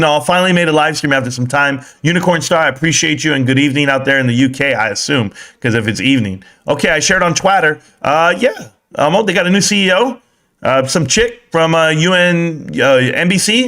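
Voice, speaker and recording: Man, young adult, stock stream host, fairly high voice, casual chat, joking, swearing, jumps between hype and low mumbles. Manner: animated, joking, profane, swings from loud excitement to low mutters. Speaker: stock market live streamer.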